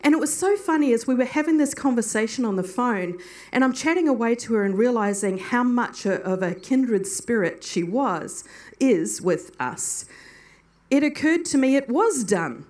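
Animated woman telling a faith story. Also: high-pitched. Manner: animated storytelling, acts out her own prayers. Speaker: Christian teacher. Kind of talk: sermon-style personal testimony.

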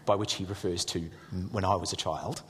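A middle-aged man, a pastor telling funny stories in a sermon, animated and excitable with jokey asides. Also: low voice, a little fast, husky, long reverb tail. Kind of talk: humorous storytelling sermon.

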